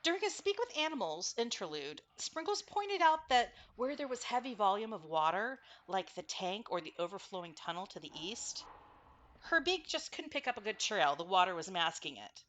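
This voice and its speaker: A woman's voice: mid-range voice, very animated, moderate pace, a bit bright. A woman narrating a tabletop game as game master, recapping with frequent fillers and self-corrections.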